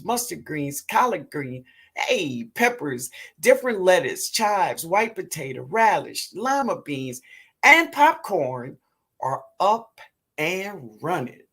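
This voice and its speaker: A woman with a New Orleans accent hosting a live gardening show, reading viewer comments aloud in a relaxed way and calling people baby. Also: on the low side. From Louisiana, US. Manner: calls viewers baby, laughs often. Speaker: gardening livestream host.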